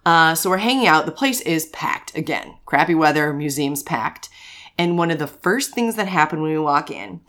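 Lowish voiced woman in her 30s, podcast cohost, animated storyteller who cusses a lot. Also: moderate pace. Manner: animated, swears freely, acts out quotes. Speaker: podcast co-host. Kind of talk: casual chat, storytelling.

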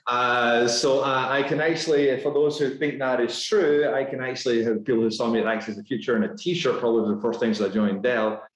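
A man with a Scottish accent, a guest talking in a casual podcast interview, brisk and upbeat with lots of fillers. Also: mid-range voice, steady tone. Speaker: guest executive. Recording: roomy echo.

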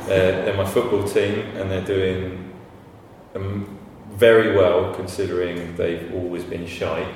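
Brief lowish-voiced male guest, loose and anecdotal with easy swearing, recorded far off the mic in a roomy echo. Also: level tone, slow, darkish tone. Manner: chatty anecdotal storyteller, swears casually. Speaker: podcast guest, graphic designer. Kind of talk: casual conversation. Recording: echoey room, distant mic, faint noise.

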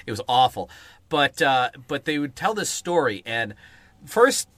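Bright-voiced man, wry storyteller. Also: mid-range voice, big pitch swings, a little slow, no echo. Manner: conversational storyteller, wry and profane. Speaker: podcast co-host. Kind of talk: casual podcast chat and reading aloud.

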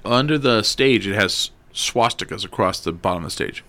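A man on a podcast in a studio, telling an animated, rambling story in casual chat and swearing freely. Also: fairly low pitch, normal speed. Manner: animated, swears a lot, chatty asides.

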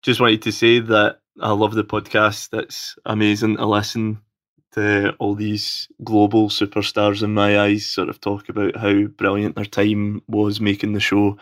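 A man from Scotland with a Scottish accent, leaving an eager, chatty call-in message as a fan. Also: lowish voice. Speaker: caller.

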